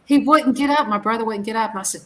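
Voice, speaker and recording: A woman's voice: a little high, fast talker, a little hiss or hum. A woman telling family anecdotes in casual chat, laughing as she goes.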